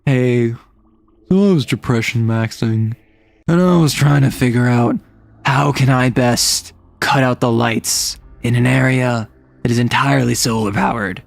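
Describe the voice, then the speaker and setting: A man voicing a gloomy, depressed male ogre who talks in a low, quiet deadpan. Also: unhurried, gravelly, no room sound.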